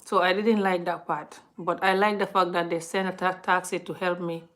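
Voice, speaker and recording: A woman's voice: lowish voice, moderate pace. A woman on a live stream, chatting casually and telling a long story to her viewers. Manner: chatty, talks a lot; animated retelling, often addresses viewers.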